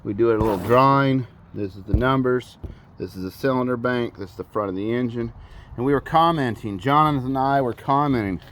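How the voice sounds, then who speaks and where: A man's voice: mid-range voice, fairly quick, fairly bright tone, a little hiss or hum. A man, a father hosting a backyard mechanic channel, talks casually and jokes at his own expense while working on a car outdoors. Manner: chatty, joking, self-mocking. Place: outdoors in a backyard garage area, rain starting.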